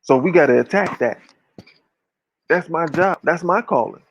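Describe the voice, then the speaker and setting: A man's voice: on the high side, animated, moderate pace, creaky, dry recording, muffled recording. A man talking casually but with fiery emphasis, preaching and swearing freely. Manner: emphatic, preachy, profane, uses slang. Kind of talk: impassioned casual talk.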